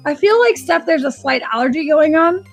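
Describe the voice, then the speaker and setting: High, gravelly woman psychic host. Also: animated, fairly quick, faint music behind. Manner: chatty, rambling, restarts sentences. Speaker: psychic and animal communicator host. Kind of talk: live-stream reading session.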